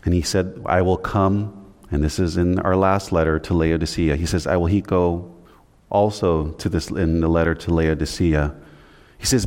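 A man preaching a sermon on scripture, asking and answering his own questions, rising for emphasis and dropping low at the ends of phrases. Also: steady tone, moderate pace, darkish tone. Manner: rises in pitch and volume for emphasis, drops low at phrase ends. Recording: long hall reverb.

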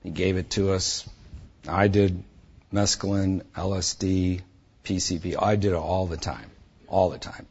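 A man bluntly and intensely telling his personal testimony, with a husky voice. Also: sits low, steady tone, measured pace, darkish tone, lo-fi sound. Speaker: speaker giving a personal testimony.

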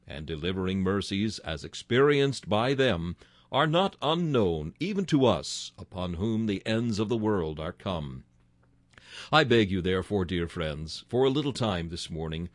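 Low, solemn male preacher, dry sound. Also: no echo. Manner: solemn, stately, old-fashioned biblical diction. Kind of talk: sermon reading.

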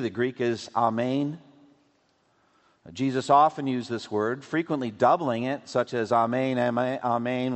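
Emphatic male preacher in an echoing hall. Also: mid-range voice. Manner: measured, emphatic Bible teaching. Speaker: pastor. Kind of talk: sermon. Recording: long hall reverb.

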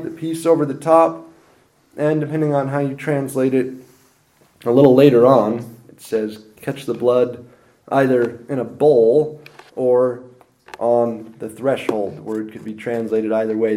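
A man preaching a sermon, explaining scripture with emphatic swings of pitch and loudness.

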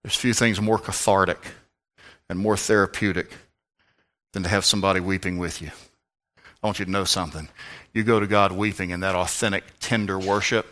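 A fervent male pastor delivers a sermon in a lowish, bright, forceful voice. He swings between shouting and hushed, intimate tones. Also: steady tone, brisk, pauses often.

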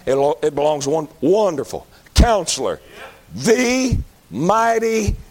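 A man with a high, tenor-ish voice preaches. His delivery is folksy and conversational, rising into emphatic, repeated declarations. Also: sing-song, fairly quick, dark tone. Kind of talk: sermon.

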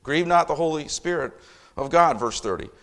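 A middle-aged man preaching a sermon as a pastor, emphatic, with loudness that rises and falls. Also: a little high, expressive, moderate pace, creaky.

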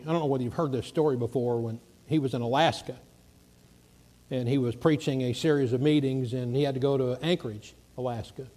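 A man preaching, telling a story in an animated way and acting out the voices of the people in it. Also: mid-range voice. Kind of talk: sermon storytelling.

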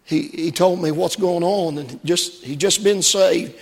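Gravelly high-voiced preacher in a reverberant church. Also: male voice, unhurried. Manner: earnest, repeats phrases, rhetorical questions to the congregation. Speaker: pastor. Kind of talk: sermon.

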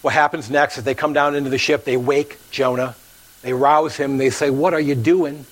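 A man's voice: medium pitch, flat delivery, moderate pace, a bit bright, low-quality recording. A male pastor preaching a sermon, acting out the story's characters and dropping at times to a near whisper.

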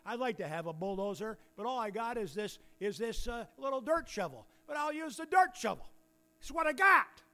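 A man's voice: very high-pitched, lively intonation, moderate pace, sharp tone, pitched above the performer's own voice, heavily acted. A man voicing a self-pitying poor churchgoer who stammers through his complaint. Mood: longing.

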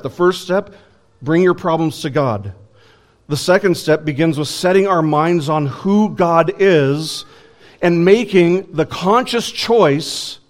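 Guy preaching a sermon, kinda high voice, earnest, lots of rhetorical questions.

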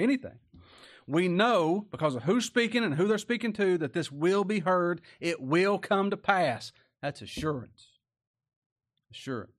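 A male preacher giving a sermon in a folksy, plain-spoken way, driving his points home with repeated rhetorical questions. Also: fairly high pitch.

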